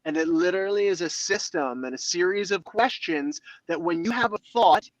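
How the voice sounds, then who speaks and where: A man with a high voice, speaking at normal speed, appears as a guest in a motivational interview. He talks expressively and acts out inner dialogues in other voices. The audio is poor but has no echo.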